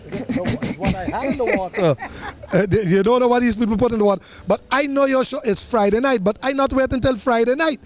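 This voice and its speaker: Excitable man with a high voice. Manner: jokey, excitable, quick laughs. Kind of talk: excited promo chat.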